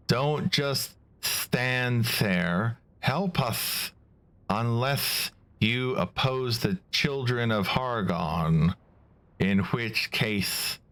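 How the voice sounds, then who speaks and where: A man voicing a haughty, threatening monster minion with a lolling tongue, sent by a dark lord. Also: medium pitch, exaggerated voice.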